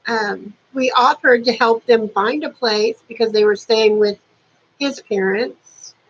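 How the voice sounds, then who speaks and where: A woman's voice: on the high side, unhurried, dull audio. A woman in her fifties chatting casually to camera at home, dropping dry sarcastic asides. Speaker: beauty vlogger. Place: warm apartment at home.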